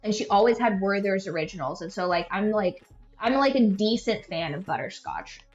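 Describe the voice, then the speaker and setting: A woman's voice: medium pitch, lively intonation, normal speed, faint music behind. A young woman hosting a podcast, telling stories in a casual, rambling, self-deprecating way and leaning heavily on "like" as a filler. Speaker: podcast host. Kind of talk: casual rambling storytelling chat. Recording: echoey room, dull lo-fi sound.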